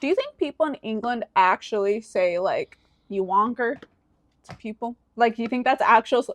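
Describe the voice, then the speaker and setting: A woman's voice: on the high side, expressive, fairly quick, slight background noise. A young woman co-hosting a podcast in casual chat, playful, laughing often and arguing back. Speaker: podcast co-host.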